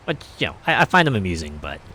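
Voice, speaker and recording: A man's voice: low voice, very animated, fast talker, sharp tone, a little hiss or hum. A man streaming a game, chatting casually in a rambling, hesitant way with many fillers. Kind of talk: casual chat while playing.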